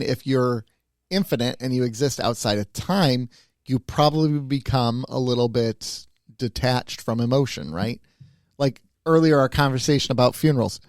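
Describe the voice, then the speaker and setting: In studio-quality sound with no room tone, a medium-pitched man co-hosts a laid-back podcast, thinking aloud and tagging many thoughts with "right?".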